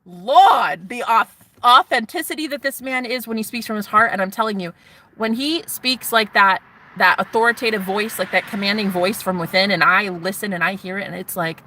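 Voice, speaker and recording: A woman's voice: medium pitch, moderate pace, pushed and bright, slight background noise. A woman talking to her viewers in a casual vlog, candid and profane, rambling emotionally and often restarting her sentences. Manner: self-interrupting, restarts often. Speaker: vlogger. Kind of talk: casual spiritual vlog monologue.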